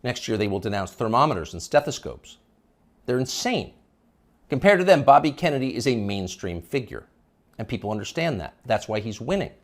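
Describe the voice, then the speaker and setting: A man's voice: medium pitch, sing-song, brisk. A middle-aged male commentator delivering a sarcastic, emphatic opinion monologue.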